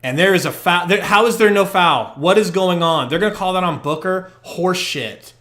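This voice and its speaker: A young man co-hosting a podcast gives a live fan play-by-play reaction stream, full of profane, partisan commentary. His voice is bright and unhurried, but he's excitable, swinging from muttering to shouting. The poor-quality microphone sounds echoey and low-grade.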